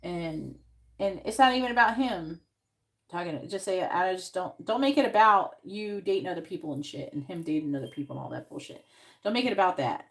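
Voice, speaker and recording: A woman's voice: fairly low pitch, lively intonation, fairly quick. A woman giving frank, swear-laden advice as a psychic tarot reader on a live stream, coaching the client on what to say.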